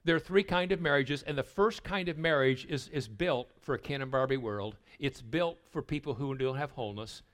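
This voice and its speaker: An older man giving a sermon at a retreat, telling stories and stumbling over repeated words as he begins a thought, sometimes dropping to a hushed voice. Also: medium pitch, normal speed, few pauses. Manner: storytelling, dropping to a hushed voice for tender moments. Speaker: retreat speaker.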